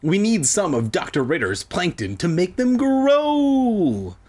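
A man voicing a whiny, panicky boy who cries out in a shrill voice. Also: huge pitch swings, takes it slowly, darkish tone, full character voice.

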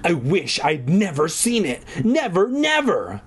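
A man doing a frail little girl from a storybook who wails in a high, thin, weak voice. The voice is breathy and lifts far above a grown man's pitch. She sounds timid and whiny. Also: huge pitch swings, a little slow, heavily acted. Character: timid skinny young girl, wailing.

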